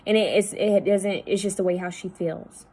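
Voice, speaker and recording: A woman psychic medium talking at home, relaying messages in a halting, repetitive way that often drops to a hushed voice. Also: mid-range voice, fairly even intonation, husky, rough recording. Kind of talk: spirit-channeling video monologue.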